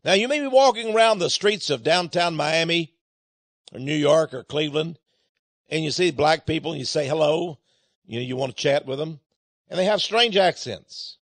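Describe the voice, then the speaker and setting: A man's voice: on the high side, normal speed, dry recording. A man hosting a radio monologue, speaking emphatically and urgently and addressing his listeners as friends. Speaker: radio host.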